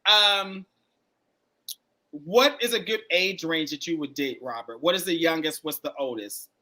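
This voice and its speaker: Male dating-show host, high bright voice, chatty, echoes answers back. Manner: chatty, quick reactions, repeats answers back. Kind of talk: live-streamed dating interview.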